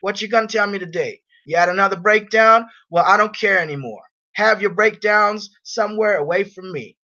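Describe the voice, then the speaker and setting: Irritated, blunt high-voiced man. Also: brisk, sharp tone. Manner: blunt and irritated, reads viewer comments aloud. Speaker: live streamer. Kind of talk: casual live stream chat. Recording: dull lo-fi stream audio.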